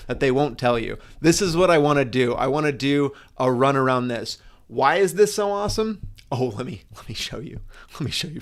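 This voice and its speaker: Profane, rambling man live-streaming. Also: medium pitch. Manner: rambling, profane, restarts often. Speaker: motorcycle streamer. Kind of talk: casual live-stream chat.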